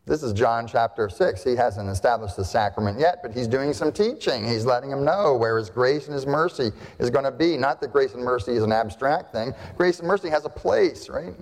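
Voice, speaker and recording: A pastor delivering a sermon in a conversational style, often asking rhetorical questions and checking in with "right?". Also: male voice, medium pitch, animated, brisk, hardly any pauses. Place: church sanctuary. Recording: long reverb of a church hall.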